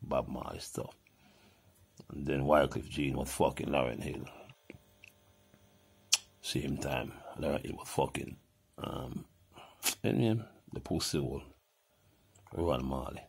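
Gravelly older Jamaican man ranting. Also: a bass voice, takes it slowly, long pauses. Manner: swearing, animated, jumps between topics. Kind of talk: heated profane rant.

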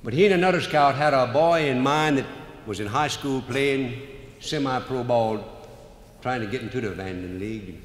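A man's voice: mid-range voice, moderate pace, faint music behind. A man with a Cajun accent telling comic stories live in a folksy drawl. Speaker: humorous storyteller. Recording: roomy live hall recording, faint noise.

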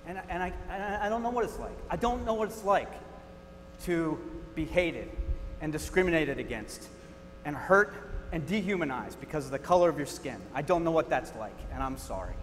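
A man's voice: fairly high pitch, animated, moderate pace, big-room sound, a little hiss or hum, natural voice. A man acting a defensive, well-meaning man in a church skit, flustered and repeating himself. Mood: repentant.

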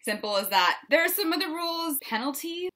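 A young woman hosting a jokey explainer vlog, playful and quick to break into sung bits and shouted lines. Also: very high-pitched, animated, soft background music. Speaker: vlogger.

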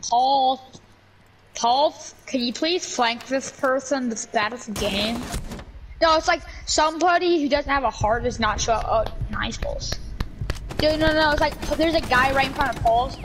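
A woman gaming YouTuber in casual gameplay banter, jokey, excitable and rambling. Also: high-pitched, normal speed, slight background noise, low-quality recording.

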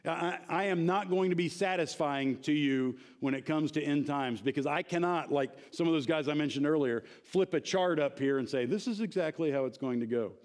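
A man leads a church Bible class in a relaxed, emphatic manner, often pausing to ask if his listeners follow. His voice sits a little high for a man. He is speaking in a church classroom. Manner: conversational, emphatic, asks the class questions. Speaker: Bible study teacher.

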